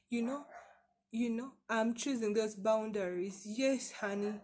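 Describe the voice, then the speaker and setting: A woman's voice: on the high side, fairly even intonation, measured pace, darkish tone. A woman vlogger telling her personal story to camera in a candid, emphatic way, often repeating words and asking rhetorical questions.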